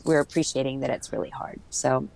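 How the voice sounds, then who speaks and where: A woman's voice: very deep voice, steady tone, fairly quick, gravelly, darkish tone. A middle-aged woman from the United States, talking candidly as a guest in an interview, rambling with many restarts.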